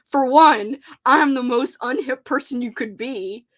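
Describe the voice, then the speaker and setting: A woman's voice: high voice, measured pace, a bit bright. A woman hosting a casual livestream chat, giggly and rambling. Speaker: host.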